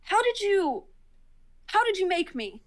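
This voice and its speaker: A woman's voice: extremely high pitch, very animated, a little slow, pitched above the performer's own voice, heavily acted. A woman voicing a weary male cat-creature, a cursed homeowner who sighs and speaks guardedly. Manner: sighing, guarded, apologetic.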